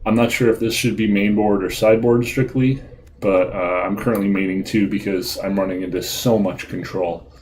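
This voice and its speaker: A man giving relaxed, casual commentary over his card game play, with frequent ums and uhs and a self-deprecating tone. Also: fairly low pitch, a little hiss or hum, poor audio. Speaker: gaming video host.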